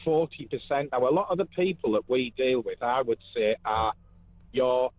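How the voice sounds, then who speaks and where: A man's voice: mid-range voice, moderate pace, no echo. A man calling in to a radio phone-in, talking earnestly and emphatically as he builds his case. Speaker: caller. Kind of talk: phone-in call. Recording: tinny dry phone line.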